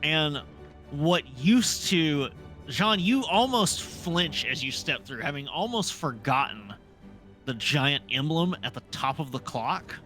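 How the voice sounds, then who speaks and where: A man narrating a tabletop role-playing game as dungeon master, setting scenes in an unhurried, descriptive way. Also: a little high, animated, sharp tone, soft background music.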